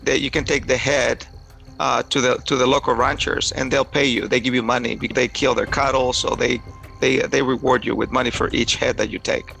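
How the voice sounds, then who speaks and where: Man, personal story told aloud, halting, repeats words, gravelly voice, faint background music. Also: medium pitch, flat delivery, a bit bright, rough recording.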